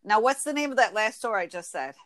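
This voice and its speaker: A woman in her twenties from Michigan with an Inland North accent, chatting casually as a podcast host, a bit nasal and quick to laugh. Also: fairly high pitch. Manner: chatty, laughs often, quick when excited. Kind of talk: casual chat.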